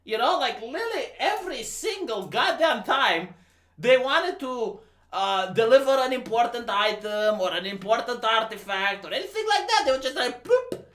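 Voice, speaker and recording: A man from Romania rants about a movie on his livestream, incredulous and swearing freely. His bright voice swings widely in pitch. He sounds like he is in an echoing room. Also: moderate pace. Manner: incredulous, profane, animated. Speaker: livestream host. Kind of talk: casual movie rant. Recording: roomy echo.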